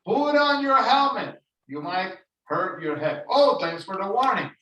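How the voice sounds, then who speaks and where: High, bright-voiced man teaching English. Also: big pitch swings, lo-fi sound. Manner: explains slowly, repeats phrases. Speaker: ESL teacher. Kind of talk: online English lesson. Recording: roomy echo, voice heard from a distance.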